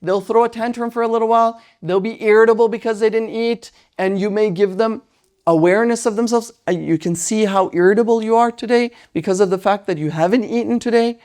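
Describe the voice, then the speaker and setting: Lecturer, Islamic parenting lesson, mid-pitched voice, lively, asks "right?" often, acts out quotes. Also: brisk. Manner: animated, tags lines with "right?".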